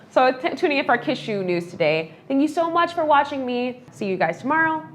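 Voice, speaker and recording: A woman's voice: high voice, expressive, fairly quick, hardly any pauses, slight background noise. A woman hosting a casual entertainment news show, talking in a heartfelt, chatty way with lots of fillers.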